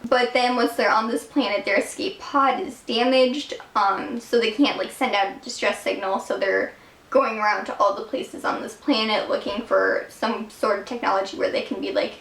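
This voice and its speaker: A woman's voice: fairly high pitch, steady tone, normal speed, fairly bright tone. A young woman in her late teens, reviewing books in a bubbly, gushing way, filling her talk with "like". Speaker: book reviewer. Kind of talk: casual vlog review. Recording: echoey room.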